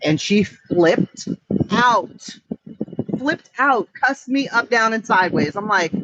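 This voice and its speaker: A man's voice: sits high, slow. A man, an online streamer, ranting in blunt, profane, emphatic commentary. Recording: muffled with steady background noise.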